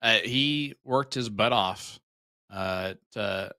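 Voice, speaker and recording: Guy calling darts, kinda low voice, bright and dry, jokey and chatty. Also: no echo. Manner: joking, chatty, quick asides. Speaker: darts commentator. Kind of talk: live sports commentary.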